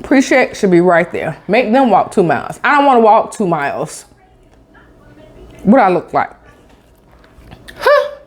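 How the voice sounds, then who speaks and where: A woman's voice: mid-range voice, sing-song, unhurried, pauses often. A woman from Tampa, telling a sassy, emphatic story with sound effects in a casual vlog chat. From Tampa, Florida. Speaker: vlogger.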